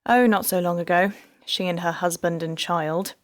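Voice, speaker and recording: A woman's voice: lowish voice, normal speed, no echo, clean studio sound, close to an everyday voice. An audiobook narrator, a woman, voicing a heartbroken female detective who tells her past with wry bitterness. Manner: wry, rueful storytelling.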